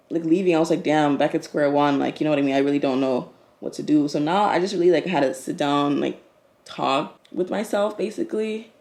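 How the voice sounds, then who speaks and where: A woman's voice: low-pitched, vocal fry, warm tone. A young woman, telling a story in a casual vlog and acting out both sides of the conversations. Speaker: vlogger.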